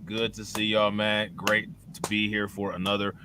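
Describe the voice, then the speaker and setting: A man hosting a casual livestream podcast, laid-back and slangy, giving shout-outs to viewers. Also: lowish voice, little pitch movement, normal speed, background noise. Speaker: podcast host.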